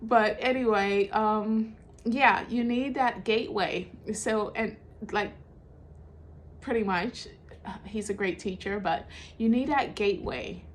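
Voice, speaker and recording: A woman's voice: medium pitch, slow pace, a little hiss or hum. A woman hosting a spiritual guidance talk, explaining in a loose, conversational way with many fillers and self-corrections. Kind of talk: casual teaching monologue.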